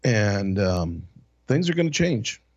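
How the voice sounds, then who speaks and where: A pastor hosting a casual talk show, rambling and halting with fillers. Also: male voice, on the low side, big pitch swings, dry recording. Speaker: pastor and host. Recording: dry, muffled lo-fi sound.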